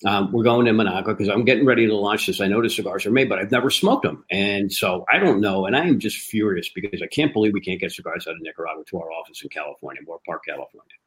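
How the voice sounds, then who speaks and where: A man from a cigar company, a guest telling animated stories and acting out the dialogue. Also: on the low side, fast talker, rough recording. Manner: lively storyteller who acts out quoted dialogue. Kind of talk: animated anecdotal storytelling.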